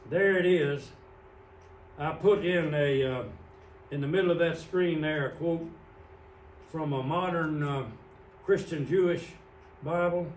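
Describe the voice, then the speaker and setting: Male pastor, slightly high voice, unhurried Bible teaching, picked up from a distance in a church. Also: slight background noise. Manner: explains slowly, pointing out words on a screen. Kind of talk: evening sermon with Bible teaching. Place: church sanctuary. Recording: roomy church sound from a distant mic.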